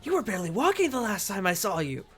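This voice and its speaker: A game master voicing an excitable older male gnome inventor who chatters nonstop. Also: mid-range voice, quick pace, husky, soft background music. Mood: fussing. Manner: chatty, fussing, welcoming.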